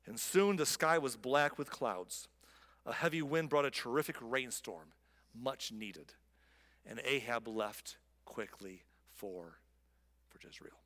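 A man preaching a sermon, telling the story with animated energy and acting out the people he quotes. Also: slow pace, big-room sound. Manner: animated storytelling, voices quoted figures with rising pitch. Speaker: pastor.

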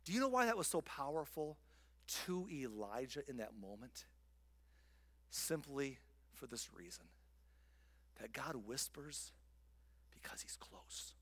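Preaching man, loud then whispered. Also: mid-range voice, big pitch swings, unhurried, long pauses. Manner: swings from loud emphatic lines to soft whispers. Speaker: pastor. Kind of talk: sermon. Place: church sanctuary.

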